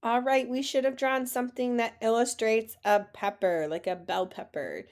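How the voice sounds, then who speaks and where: A woman with a slightly high voice teaches French in a video lesson. She says each word slowly so students can repeat it, then praises them in an encouraging way. Her delivery is patient and classroom-like. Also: a little mellow. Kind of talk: classroom lesson, slow model pronunciation.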